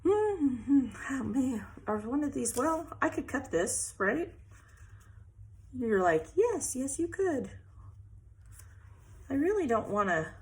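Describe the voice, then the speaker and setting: A woman's voice: sits high, very animated, takes it slowly. A middle-aged woman chatting casually while she scrapbooks, venting and laughing often. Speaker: scrapbooking vlogger. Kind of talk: casual chat while crafting.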